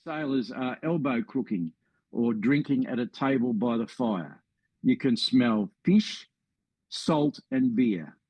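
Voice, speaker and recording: A man's voice: mid-range voice, animated, slow pace, darkish tone, slightly rough, no room sound, low-quality recording. A man with an Australian accent presenting a history talk as a story, friendly with wry asides.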